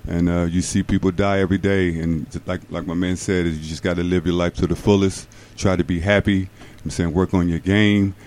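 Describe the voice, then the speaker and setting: A man on a talk show giving a halting tribute with many fillers. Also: low-pitched, little pitch movement, darkish tone. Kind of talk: spoken tribute.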